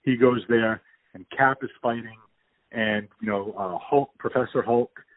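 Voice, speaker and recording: A man's voice: medium pitch, steady tone, measured pace, dry recording. A man hosting a podcast, chatting casually and enthusiastically over the phone, rambling with restarts. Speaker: podcast host. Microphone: phone call. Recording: tinny phone line.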